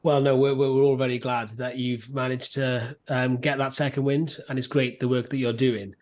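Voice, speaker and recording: A man's voice: medium pitch, little pitch movement, normal speed, a little mellow. A man hosting a podcast, asking friendly interview questions with a few fillers. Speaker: podcast host.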